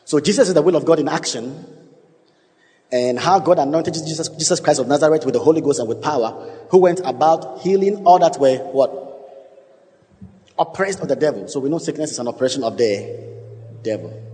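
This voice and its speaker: Man, preacher, emphatic sermon, questions to the congregation, slightly high voice, long hall reverb. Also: expressive, brisk, pauses often, mellow. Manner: emphatic, call-and-response with congregation, sudden pitch jumps.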